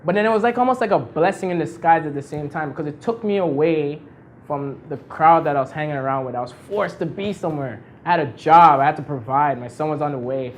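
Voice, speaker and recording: Brief: man, 30s, slightly high voice, lively storyteller who laughs between lines, faint background hiss. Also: quick pace. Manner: animated, laughs often, acts out voices in his anecdotes. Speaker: speaker at a launch party. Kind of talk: motivational storytelling speech. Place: event venue with an audience.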